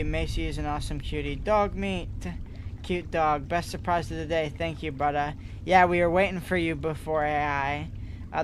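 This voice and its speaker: Chatty gaming streamer man, noisy mic. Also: fairly high pitch. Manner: chatty, reads viewer comments aloud. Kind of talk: casual live-stream chat while gaming.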